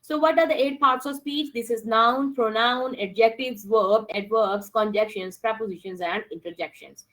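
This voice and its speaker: A woman's voice: a little high, normal speed, hardly any pauses, a bit bright, low-quality recording. A woman teaching an online class, mixing with Hindi-Urdu phrases and speaking as she addresses her students directly. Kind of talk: online English lesson.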